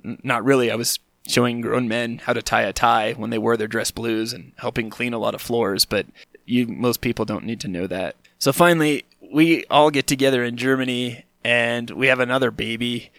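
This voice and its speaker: A man's voice: medium pitch, steady tone, moderate pace, gravelly, a bit bright, no room sound. Self-mocking man telling a comic story. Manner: playful, self-mocking, acts out quotes in exaggerated voices. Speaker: podcast host.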